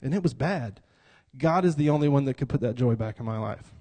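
In a mid-range, mellow voice with lively intonation, a man preaches briskly. His interactive sermon is playful, he's a self-described cut-up, and he has the congregation respond by repeating his lines.

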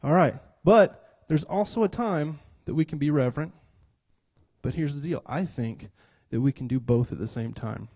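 This preacher's voice is on the high side, a little mellow with a breathy edge, at normal speed. His sermon is interactive and full of jokes, he describes himself as a cut-up, and he calls on the congregation to echo his lines.

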